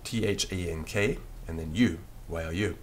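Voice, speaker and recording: A man teaching a beginners' French lesson, dictating slowly and patiently and spelling words out letter by letter. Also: sits low, slight background noise.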